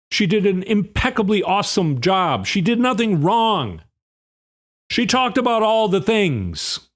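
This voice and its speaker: A man hosting a podcast, delivering a rambling, sarcastic political monologue with an indignant edge. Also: high-pitched. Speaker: podcast host.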